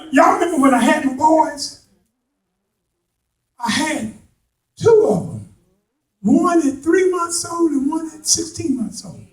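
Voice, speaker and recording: A man preaching a sermon to a responding congregation, building from slow talk into impassioned shouts with folksy turns of phrase. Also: very high-pitched. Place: church sanctuary. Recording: echoey hall, voice from a distance.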